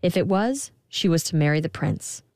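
A woman telling a fairy tale in scripted narration, expressive, giving the girl a higher voice. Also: moderate pace, no echo, clean studio sound. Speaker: storyteller.

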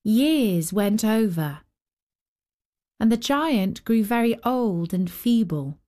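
A woman hosting and narrating a fairy tale with gentle, expressive storytelling. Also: medium pitch, slow. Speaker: storyteller and host.

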